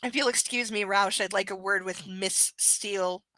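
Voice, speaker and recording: A woman reading the lines of a cold, controlling rich young husband in a slow, clipped way. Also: mid-range voice, animated, pushed and bright, no echo, poor audio.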